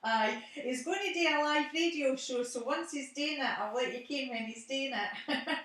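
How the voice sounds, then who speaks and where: A woman's voice: sits high, moderate pace, fairly bright tone, heavy reverb, distant mic. A middle-aged woman with a Scottish accent, chatting casually on the phone at home and laughing often.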